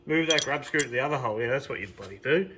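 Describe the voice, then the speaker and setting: A laid-back Australian guy with an everyday pitch, chatting his way through a car build in his garage. He rambles, cracks jokes and swears in passing. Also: expressive, very fast, noisy background. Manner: joking, rambling, swears casually. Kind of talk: casual workshop walkthrough.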